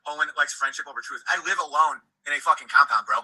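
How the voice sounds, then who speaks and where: Very bright, profane ranting man. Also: a little high, quick pace, low-quality recording. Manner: profane, shouting threats, repetitive; reading chat comments aloud. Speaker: livestreamer. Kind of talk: angry livestream rant.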